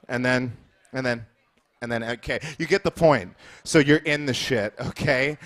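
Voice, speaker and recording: A man's voice: mid-range voice, a bit bright, smooth. Man rambling through absurd improvised stand-up. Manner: rambling, absurd, shifts into quick voices. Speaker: comedian. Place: live jazz club stage.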